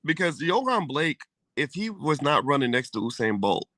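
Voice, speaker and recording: A man's voice: on the high side, sing-song, normal speed, sharp tone, no echo. A man co-hosting a casual podcast chat, talking in a loose, rambling way and swearing casually. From United States. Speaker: co-host.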